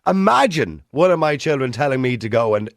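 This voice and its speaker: Gravelly Irish radio talk host. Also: male voice, medium pitch, sing-song, brisk. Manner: interrupts callers, moderates debate. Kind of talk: phone-in radio discussion.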